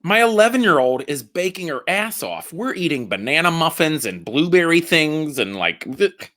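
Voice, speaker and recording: A man in his thirties, a comedian guest chatting casually and excitably, swearing and joking about his kids. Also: a little high, normal speed. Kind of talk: casual podcast chat.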